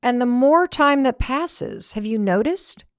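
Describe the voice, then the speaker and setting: Animated middle-aged woman, motivational talk. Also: sits high, measured pace, clean tone, dry recording, clean studio sound. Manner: animated, conversational, acts out quoted lines. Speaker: motivational podcast host.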